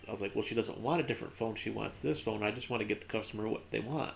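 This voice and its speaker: A man's voice: on the low side, quick pace, gravelly, few pauses, fairly bright tone. A man streaming a video game, rambling through a casual anecdote with lots of fillers. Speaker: gaming streamer. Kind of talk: casual storytelling while playing.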